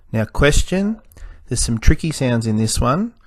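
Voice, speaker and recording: Slow, careful male teacher. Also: medium pitch, very animated, no echo, studio quality. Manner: slow, sounding out letters and syllables. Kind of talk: recorded spelling lesson.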